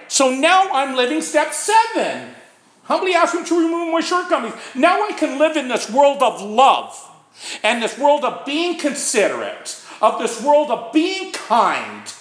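A man explaining recovery steps to a small group, his pitch swinging widely from low to high as he talks. He tosses in "right?" to keep his listeners with him, and the sound is echoey, as if he is in an open room. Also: a bit bright. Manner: conversational, frequent "right?" asides. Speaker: recovery speaker. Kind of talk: informal talk on recovery steps.

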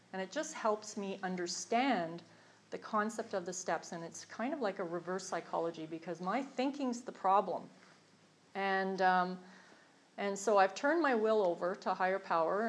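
A woman's voice: mid-range voice, rough recording. A middle-aged woman candidly sharing her recovery journey, earnest and self-deprecating, with many fillers and restarts. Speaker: recovery program member sharing her story. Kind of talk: candid personal testimony.

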